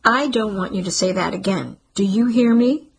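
A woman reading the part of a mother who snaps at her daughter and then regrets it, in a sharp, hissing voice. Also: mid-range voice, normal speed, breathy edge. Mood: angry. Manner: sharp, hissing when furious. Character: angry remorseful mother at a restaurant.

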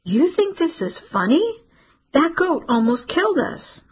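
A woman voicing Cece, an anxious, sharp-tongued young woman, in a shrill, biting voice. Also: big pitch swings, slow pace, heavily acted. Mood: bitter.

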